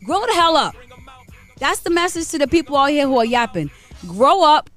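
A woman's voice: sits high, sing-song, a little fast, fairly bright tone, faint music behind. A woman in her forties from Rhode Island, co-hosting a morning radio show in blunt, preachy, fiery casual talk. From Rhode Island, USA. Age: 40s. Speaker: radio co-host.

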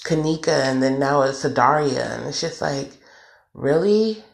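Solo podcaster venting; gravelly, heated and repetitive delivery, recorded in an echoey room. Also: medium pitch, steady tone, moderate pace, a little hiss or hum. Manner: emphatic, repetitive, swearing. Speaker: podcast host. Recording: roomy echo.

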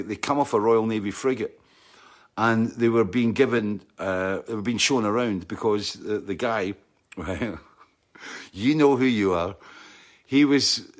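A man with a Scottish accent telling a rambling anecdote, often checking in with "right?" and mimicking sounds with his mouth. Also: on the low side.

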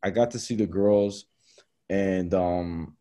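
A young man with a low, mellow, dark-toned voice hosts a podcast, telling stories casually. His talk is slangy and animated, peppered with bro and man. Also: slow pace. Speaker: podcast host. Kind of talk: casual storytelling chat.

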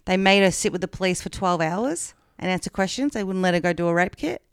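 A woman's voice: on the low side, lively intonation, quick pace, smooth, no room sound, clean studio sound. An Australian woman on a podcast, casually retelling a true-crime story in a frank, chatty way with plenty of fillers. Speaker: podcast co-host.

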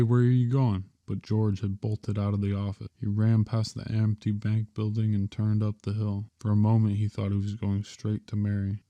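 A man narrating a story in a measured, steady reading. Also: lowish voice, no room sound.

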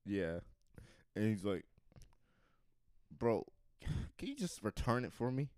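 Animated man acting out a comic story. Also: fairly low pitch, slow pace, no room sound, studio quality. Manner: acts out both sides of scenes, laughing often. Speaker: podcast co-host. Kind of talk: comedic storytelling with character voices.

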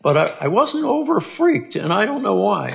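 A man, a podcast guest, earnestly telling his own story in a halting way, restarting and repeating words. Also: sits high, very animated, gravelly, a loud crowd. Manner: earnest and plain-spoken. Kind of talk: conversational storytelling.

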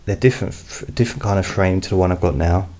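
A man who hosts hypnosis recordings, chatting in a slow, meandering way with many fillers. He is speaking at home into a studio microphone behind a pop filter. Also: deep voice, mellow. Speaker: hypnotist host. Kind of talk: casual personal update. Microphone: studio mic with pop filter, not close.

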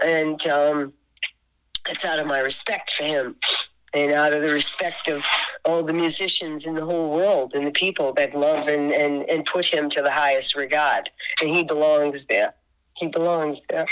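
An older woman talking earnestly in an interview, reminiscing in halting phrases that often repeat and restart. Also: deep voice, fairly even intonation, fairly bright tone, low-quality recording. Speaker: guest musician.

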